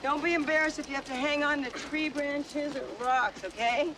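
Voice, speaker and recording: A woman's voice: high voice, fairly even intonation, normal speed, distant mic, close to an everyday voice. Capable mountain guide played by a woman, direct and firm, noisy film track. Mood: instructive. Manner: direct, instructive. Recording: film soundtrack with heavy noise.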